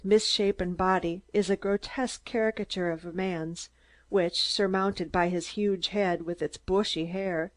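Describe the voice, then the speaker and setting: Female audiobook narrator, measured scripted storytelling. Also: mid-range voice, darkish tone.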